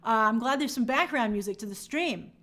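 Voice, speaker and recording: Reading her viewers' comments aloud, an upbeat livestream host keeps the chat casual. She talks fairly quickly in a higher, slightly bright voice.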